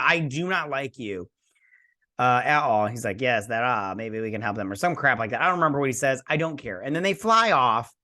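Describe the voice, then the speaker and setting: A man's voice: mid-range voice, animated, normal speed, bright, forceful tone. A man from Michigan casually recapping and reviewing a TV episode as host, rambling through the plot with loose retellings and frequent restarts. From Michigan, USA.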